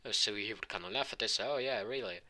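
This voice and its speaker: A man improvising a fan fiction story, rambling and halting as he voices the characters' lines in his own voice. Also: lowish voice, pushed and bright. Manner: rambling, halting delivery with many restarts.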